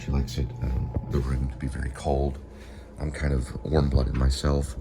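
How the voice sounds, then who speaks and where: A man's voice: extremely low pitch, normal speed, creaky. A man from Texas chatting casually at home for his vlog, rambling with lots of fillers and corny jokes. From Texas, USA. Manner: rambling, many fillers, jokey. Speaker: vlogger. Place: at home indoors. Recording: steady background noise.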